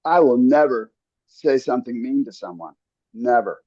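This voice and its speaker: A man talks in an earnest coaching manner, restarting sentences and checking in with "right?". The sound is dry and close, a little dull in the highs. His pitch sits mid-range for a man. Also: lively intonation, moderate pace, mellow, breathy edge, no echo. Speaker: podcast host. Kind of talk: casual podcast conversation.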